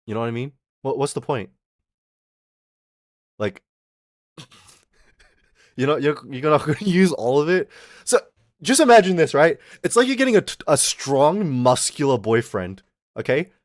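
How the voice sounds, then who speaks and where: A man's voice: fairly high pitch, sing-song, normal speed, pauses often, no echo, studio quality. A young man rambling casually on a livestream, swearing and laughing often as he chats. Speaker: streamer.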